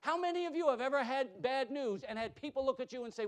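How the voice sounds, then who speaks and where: A high-voiced male pastor preaching a sermon with emphatic calls to the congregation. He stammers and repeats words as he builds, then sinks into soft, hushed reassurances. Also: lively intonation, quick pace.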